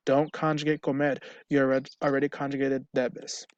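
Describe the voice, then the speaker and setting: Male teacher, mid pitch, explains patiently, dry room sound. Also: little pitch movement, fairly quick, dry recording. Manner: explains step by step, checks with "right?". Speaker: Spanish teacher. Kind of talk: recorded online lesson.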